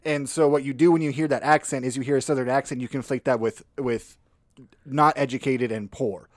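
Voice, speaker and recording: Fast-talking sarcastic man, dry mic. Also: medium pitch, fairly even intonation, no room sound. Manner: sarcastic, rapid banter. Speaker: podcast co-host. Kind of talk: casual chat.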